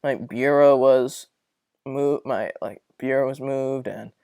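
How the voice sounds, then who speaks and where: A man's voice: mid-range voice, fairly even intonation, takes it slowly, vocal fry, darkish tone, clear, resonant tone, dry recording. A young man hosting his own podcast, venting in a rambling, profane, exasperated way about his dorm roommates. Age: young adult. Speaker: podcast host. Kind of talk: casual solo podcast rant.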